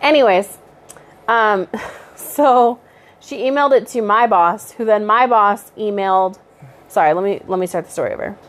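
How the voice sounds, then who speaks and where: A woman's voice: medium pitch, normal speed. A young adult woman co-hosting a casual podcast, telling stories with frequent laughs. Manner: chatty, laughing storyteller. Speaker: podcast co-host. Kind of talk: casual chat.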